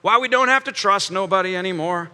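Male pastor preaching in a lively, joking way, bright tone. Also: sits high, fairly quick, clean tone. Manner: animated, joking preaching with acted quotes. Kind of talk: sermon. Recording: long hall reverb.

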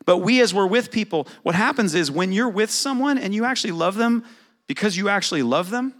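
A middle-aged pastor preaches a sermon conversationally, putting questions to his congregation. His voice is fairly high-pitched and a bit bright.

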